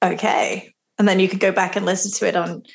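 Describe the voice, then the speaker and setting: Podcast lady chatting and giggling a lot, bit of vocal fry in there. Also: mid-range voice, little pitch movement, fairly quick. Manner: giggly, laughs often between lines. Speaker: podcast co-host. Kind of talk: casual chat.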